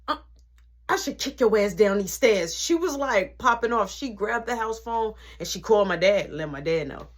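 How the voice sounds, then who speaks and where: A woman's voice: mid-range voice, normal speed. A woman vlogger retelling a family story in slangy casual speech, acting out the people in it. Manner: slangy, animated, acts out quotes.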